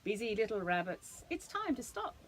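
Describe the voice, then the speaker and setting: An older woman, a grandmother, reading a children's bedtime picture book aloud to her grandchild, gently and expressively, with playful animal noises. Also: fairly high pitch, big pitch swings, moderate pace, slight background noise, rough recording.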